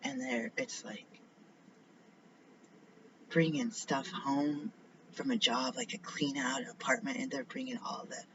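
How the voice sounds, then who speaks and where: A man's voice: fairly high pitch, pushed and bright. Rambling man vlogging, muffled recording. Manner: rambling, drifts between topics, often drops to a whisper. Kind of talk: casual rambling monologue. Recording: slightly dull lo-fi recording with faint noise.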